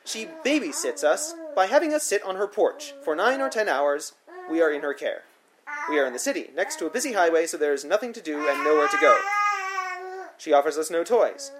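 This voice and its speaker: A man's voice: fairly high pitch, animated, a little fast, background noise. A man narrating his own memoir in the first person, with a dry, wry, matter-of-fact delivery.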